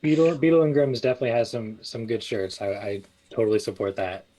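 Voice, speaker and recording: This man speaks fast in a mid-range voice while casually discussing his small clothing business as an interview guest. The audio quality is low, and his relaxed talk is packed with fillers and restarts.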